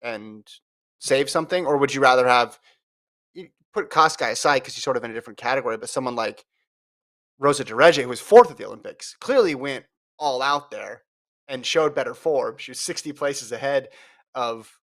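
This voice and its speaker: A man's voice: mid-range voice, brisk, a bit bright. An American man co-hosting a podcast, telling stories with laughs and analysing a marathon in casual chat. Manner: laughing, storytelling. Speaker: podcast co-host.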